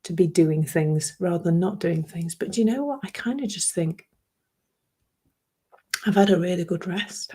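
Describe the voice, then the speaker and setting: A woman hosting a reflective solo podcast in a soft, emotional way, often laughing and dropping into whispers. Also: lowish voice, normal speed, breathy edge. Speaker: podcast host.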